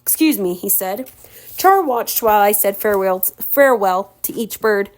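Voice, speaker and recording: A woman's voice: mid-range voice, moderate pace. A woman reading a storybook aloud for a relative in an informal way, correcting her own slips and adding chatty comments. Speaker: audiobook reader for a relative. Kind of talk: casual read-aloud with commentary.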